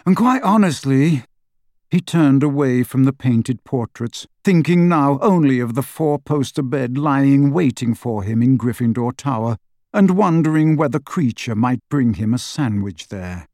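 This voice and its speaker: Steady male audiobook narrator, dry sound. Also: mid-range voice, unhurried, no room sound. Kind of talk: scripted narration.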